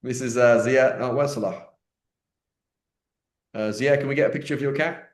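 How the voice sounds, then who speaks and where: A man's voice: medium pitch, fairly even intonation, normal speed. A man teaching an online question-and-answer class in a chatty, joking way, with many fillers and restarts. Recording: roomy echo.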